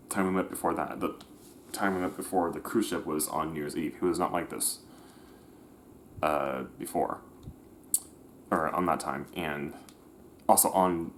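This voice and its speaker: A man's voice: low voice, slight background noise. A man telling a personal story in a casual, rambling way, often restarting and correcting himself, with slangy everyday talk. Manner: slangy, conversational.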